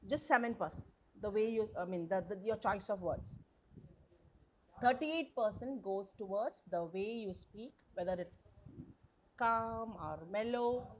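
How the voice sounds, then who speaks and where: Lady lecturer on a webinar, kinda high voice, chatty, keeps asking the class stuff, faint hiss behind. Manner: chatty, repeats words, asks the class questions. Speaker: college lecturer. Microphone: computer mic on a video call.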